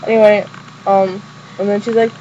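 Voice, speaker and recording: A woman's voice: mid-range voice, level tone, moderate pace. A young woman giving a casual, rambling fan review of a show episode, full of fillers and restarts. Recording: dull lo-fi webcam audio with faint noise.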